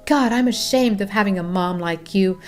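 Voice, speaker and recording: A woman's voice: medium pitch, normal speed, a little mellow, soft background music, close to an everyday voice. Woman reading an angry young husband.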